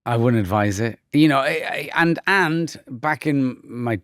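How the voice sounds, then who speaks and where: Welsh actor type, 40s, middle-range voice, musing interview answers, dry close sound. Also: male voice, mid-range voice, expressive, unhurried, a bit bright, smooth, no echo. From Wales. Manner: thoughtful, with frequent restarts and mimicked voices. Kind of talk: relaxed conversational interview.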